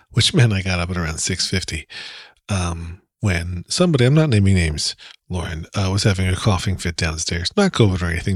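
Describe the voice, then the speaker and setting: A man's voice: low-pitched, breathy edge, no echo, clean studio sound. A man with a New Jersey accent hosting a casual solo podcast, chatty and rambling with self-deprecating asides. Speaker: podcast host.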